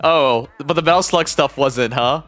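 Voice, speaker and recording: A Canadian livestreamer chatting casually, animated and mock-indignant, swearing freely. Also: mid-range voice, moderate pace, faint music behind. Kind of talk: casual live-stream chat.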